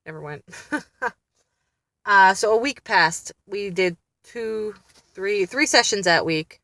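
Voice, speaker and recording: A woman's voice: mid-range voice, lively intonation, unhurried, sharp tone, dry recording. A woman chatting candidly to camera as a mother, blunt and often laughing as she talks. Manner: exasperated, blunt. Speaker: mother vlogging about family therapy. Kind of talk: casual vlog chat.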